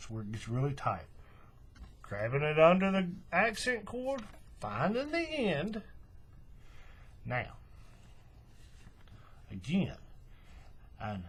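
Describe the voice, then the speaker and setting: A man walks through a hands-on craft demonstration in a relaxed, folksy way, narrating each step as his hands work. His pitch rises and falls a lot as he explains. A faint hum sits under the recording. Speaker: craft tutorial host.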